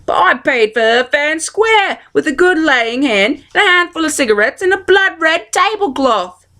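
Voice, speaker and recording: A woman voicing a grumpy, greedy old uncle who bursts out in indignant shouts. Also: sits high, animated, moderate pace, pitched above the performer's own voice. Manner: loud, indignant outbursts.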